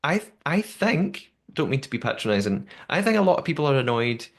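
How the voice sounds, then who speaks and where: Speaking fairly quickly in a sing-song, mid-range voice, this man co-hosts a podcast in casual conversation. He reads out listener messages, chatty and prone to restarting and repeating words.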